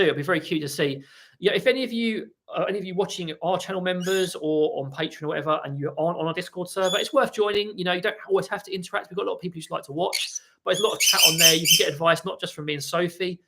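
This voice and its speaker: Gravelly higher-voiced man chatting live. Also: very noisy. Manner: chatty and rambling, reads viewer comments, coos asides to his parrots. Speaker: parrot trainer hosting a live stream. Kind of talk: casual live-stream chat and Q&A. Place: home with pet parrots.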